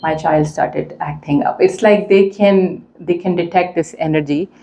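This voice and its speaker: A woman's voice: lowish voice, steady tone, normal speed, dark tone. A woman telling a personal story as a mother to a community audience, earnestly and conversationally, with many fillers. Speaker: mother speaking at a community event. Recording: echoey room.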